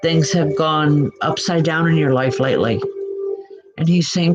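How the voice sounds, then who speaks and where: A woman working as a spiritual medium, giving live online readings in a gentle, halting way and addressing viewers by name. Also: deep voice, steady tone. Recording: muffled lo-fi audio with music behind.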